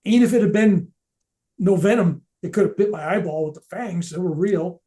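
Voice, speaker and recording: An older man telling his spiritual experiences in a loose, animated way, often restarting his sentences and dropping his voice to a near-whisper for emphasis. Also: high voice, normal speed. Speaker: speaker at a veterans event. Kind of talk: spoken personal storytelling.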